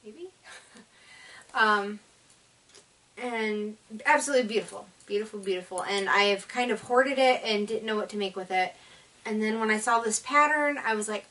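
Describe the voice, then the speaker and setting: Recorded from a distance, a woman with a mid-range, fairly bright voice talks at normal speed on her casual knitting vlog. Though enthusiastic and chatty, she's tired, yawns, and rambles with many fillers.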